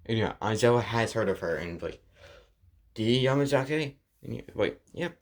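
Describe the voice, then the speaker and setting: Guy rambling through a fan story, kinda low voice, and yeah and yeah. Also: brisk. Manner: rambling, full of fillers. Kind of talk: improvised fan story retelling.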